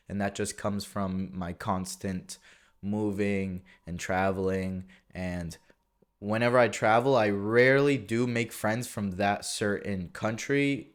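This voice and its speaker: A man from the USA hosting a solo podcast, talking casually and thoughtfully, often restarting his sentences. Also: on the low side. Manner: reflective, rambling with frequent restarts. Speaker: podcast host. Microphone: podcast mic.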